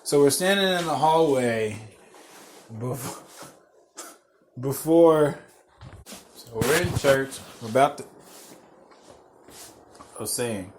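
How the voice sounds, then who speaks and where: Slow-talking profane male storyteller. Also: mid-range voice, expressive, background noise. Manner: profane, rambling, laughs through his stories. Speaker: podcast host. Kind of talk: casual storytelling.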